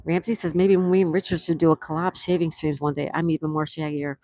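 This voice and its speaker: A woman's voice: low-pitched, steady tone, a little fast, dry recording. A woman hosting a casual outdoor live stream, reading viewer comments aloud and chatting back to them. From USA. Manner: reads viewer comments aloud and chats warmly. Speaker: livestream host.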